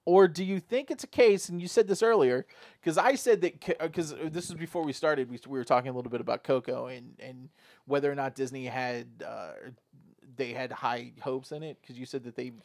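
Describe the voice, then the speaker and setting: A man co-hosts a casual podcast, hesitating and filling his pauses as he rambles along. His voice has a gravelly fry, and it is recorded close and dry. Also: medium pitch, a little mellow, no room sound. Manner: rambling, hesitant, lots of ums. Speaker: podcast co-host. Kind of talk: casual chat.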